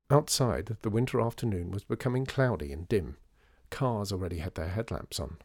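A man narrating a storybook in an expressive, lively reading. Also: lowish voice, moderate pace, no room sound, clean studio sound.

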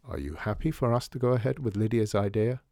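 A man doing a wry, measured man. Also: on the low side, steady tone, mellow, no echo, clean studio sound, natural voice.

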